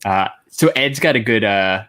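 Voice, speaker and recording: A man's voice: fairly low pitch, normal speed, fairly bright tone. An easygoing man co-hosting a podcast in casual chat, who laughs readily and reads out listener comments. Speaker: podcast co-host.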